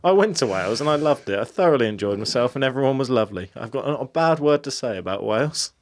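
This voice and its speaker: A man's voice: mid-range voice, lively intonation, fast talker. A man co-hosting a paranormal podcast, chatting casually in a self-deprecating way with frequent laughs. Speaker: podcast co-host. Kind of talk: casual chat.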